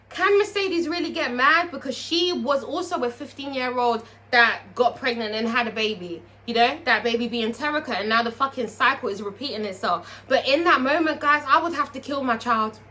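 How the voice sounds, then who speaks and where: A woman recapping a TV episode in a casual vlog, profane and animated, talking straight to her viewers. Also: high voice. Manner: profane, animated, chatty, asks viewers questions. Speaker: TV show reviewer.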